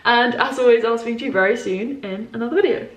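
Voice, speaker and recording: A woman's voice: on the high side, fast, reverberant, noisy background. A young woman in her twenties chatting casually to camera as a vlogger, rambling with many fillers. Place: indoors at home.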